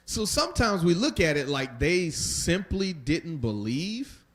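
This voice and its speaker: A man leading a Bible study lesson, talking conversationally and putting rhetorical questions to his listeners. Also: fairly high pitch. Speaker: Bible teacher.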